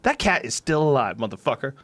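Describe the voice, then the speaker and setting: A man's voice: medium pitch, sing-song, quick pace, fairly bright tone. A man voicing a swaggering trash-talking raven. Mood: taunting. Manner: crude, mocking, swaggering.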